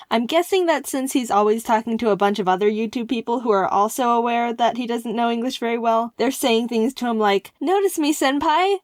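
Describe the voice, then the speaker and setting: Excitable lady doing storytime narration, kinda high voice, dry voice-over. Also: dry recording. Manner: excitable, jokey, with sudden loud outbursts. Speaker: animator telling a story.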